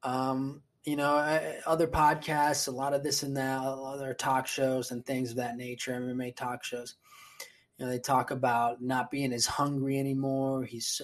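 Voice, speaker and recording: A man hosting his own podcast alone, rambling casually, swearing a lot and restarting sentences. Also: medium pitch. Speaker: podcast host. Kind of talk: solo casual chat.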